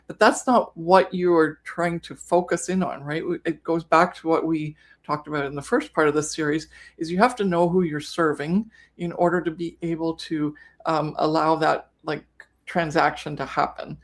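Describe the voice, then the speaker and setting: A woman hosts a live online business session in an easygoing, talkative way. Her voice sits a little low, and she often backtracks and rephrases as she goes. It sounds like she is recording from home. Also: normal speed. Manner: chatty, self-correcting, trips over words. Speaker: co-host of a live business webinar. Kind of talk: casual live-stream teaching.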